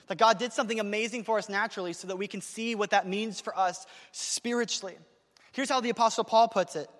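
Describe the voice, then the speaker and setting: Fast, excited high-voiced male preacher. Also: long reverb tail. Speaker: pastor. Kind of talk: sermon. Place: church sanctuary.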